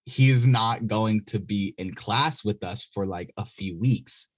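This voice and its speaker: A young man co-hosting a podcast, telling stories in slangy casual chat with quick bursts and laughing asides. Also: fairly low pitch, no echo. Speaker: podcast co-host.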